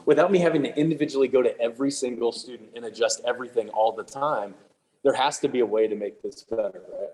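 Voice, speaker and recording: A man leading a clinic for music teachers, talking in a quick, chatty, joking way with lots of fillers and restarts. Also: mid-range voice, darkish tone, rough recording. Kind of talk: casual clinic presentation. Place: room with attendees present, also on video call.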